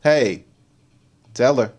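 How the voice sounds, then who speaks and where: A man hosting a livestream, giving teasing, animated reaction commentary on videos and repeating slang tags. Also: mid-range voice, drawn-out words, background noise. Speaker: livestream host.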